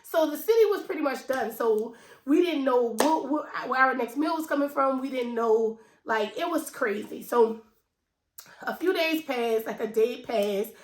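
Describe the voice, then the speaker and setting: A woman in her thirties with a New Orleans accent, telling a personal story to her viewers in an emotional, conversational way. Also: a little high. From New Orleans, USA. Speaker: finance vlogger. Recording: echoey room.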